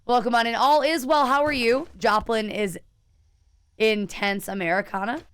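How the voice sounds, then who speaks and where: Smooth-voiced woman streamer, chatty. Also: fairly high pitch, steady tone, normal speed. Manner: chatty, answers viewers, thinks out loud. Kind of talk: casual live-stream chat while gaming.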